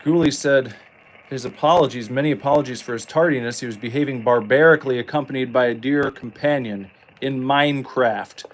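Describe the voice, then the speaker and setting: A man talks through a horror game in loose, jokey commentary. His pitch sits in an ordinary middle range, and he breaks into sudden excited yelps. A faint hiss of noise runs under the voice. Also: a little fast, low-quality recording. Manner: rambling, jokey, excitable outbursts. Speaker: gameplay streamer. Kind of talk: casual gameplay commentary.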